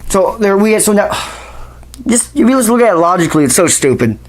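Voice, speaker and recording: A man's voice: high voice, very animated, a little fast. A man hosting a wrestling channel, ranting in a casual, exasperated and profane way with bursts of sarcasm. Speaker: wrestling commentary host.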